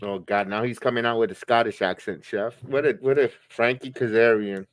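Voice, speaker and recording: Man, casual live-stream commentary, jokey, laughs a lot, medium pitch, dry close mic. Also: fairly even intonation, normal speed, dry recording. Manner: chatty, reacting with laughs and jokes. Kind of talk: casual wrestling watch-along commentary.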